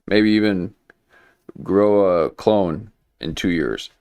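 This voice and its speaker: A man's voice: low voice, slow pace, darkish tone, clean tone. A man hosting a livestream, rambling through loose, joking commentary with many restarts. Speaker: livestream host. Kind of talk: casual conspiracy commentary.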